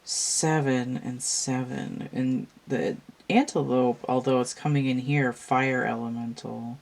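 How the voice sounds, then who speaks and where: Slow, drowsy woman musing over tarot cards. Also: rumbling low, fairly even intonation, creaky, a little mellow. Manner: musing, meandering, thinks aloud with restarts. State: tired, yawning. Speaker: tarot reader. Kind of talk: casual card-reading monologue.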